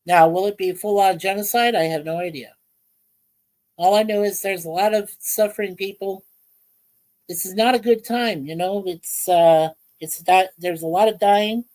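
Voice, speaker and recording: A woman hosts a casual livestream from home. She rambles in halting phrases full of fillers and greets chat viewers by name. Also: mid-range voice, steady tone, darkish tone, poor audio. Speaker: livestream host. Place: home in Ontario, Canada.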